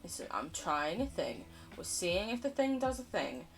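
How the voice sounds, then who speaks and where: Lively, rambling woman game streamer. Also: on the low side, normal speed, soft background music. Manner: rambling, self-mocking, laughs often, swears casually. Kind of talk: casual live-stream chatter while playing.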